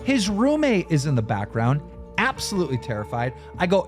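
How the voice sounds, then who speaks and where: A man recounts a tense phone call in a profane, emphatic way, his pitch sitting fairly high and leaping around with every point. Faint music plays beneath his voice. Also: wildly swooping pitch, brisk. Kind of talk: heated storytelling on a talk show.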